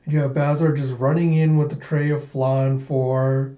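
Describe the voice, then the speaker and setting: A man's voice: mid-range voice, level tone, moderate pace, mellow. A man casually narrating a comic readthrough, chatty and loose, adding sound effects, in a roomy, dull recording.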